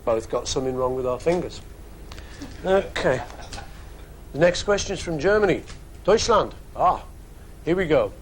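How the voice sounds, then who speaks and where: A man's voice: fairly high pitch, animated, normal speed, pauses often, a little hiss or hum, rough recording. A man in his fifties with a Liverpool accent answers fan questions in a casual studio webcast, chatty and joking with wandering asides. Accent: Liverpool English. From England. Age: 50s.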